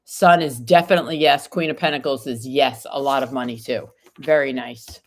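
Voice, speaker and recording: Her pitch is extremely low, her intonation fairly even, and her speed normal. This tarot reader is live-streaming while recovering from an illness, reading out what viewers ask and answering card by card.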